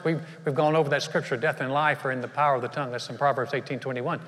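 A man's voice: mid-range voice, flat delivery, fast, hardly any pauses, fairly bright tone. A male pastor preaching a sermon in an earnest, conversational way, speaking straight to his congregation with questions. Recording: long reverb of a large church hall.

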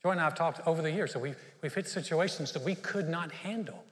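A man's voice: a little high, fast talker, in a large hall. A male pastor preaching a sermon, animatedly telling stories and acting out the dialogue. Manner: animated storytelling, acts out dialogue.

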